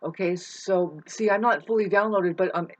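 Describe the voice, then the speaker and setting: A woman rambling in a spiritual video monologue, excitable and swearing, jumping between loud outbursts and low mutters. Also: normal speed, low-quality recording. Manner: swears casually, many restarts. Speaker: vlogger.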